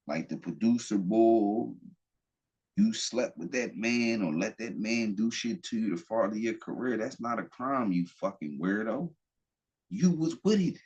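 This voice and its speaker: Real deep husky dude just going off on a podcast, blunt and swearing a lot, kinda muffled lo-fi audio. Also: male voice, darkish tone. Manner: blunt, profane, rambling with restarts. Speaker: podcast host. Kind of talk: casual opinion talk.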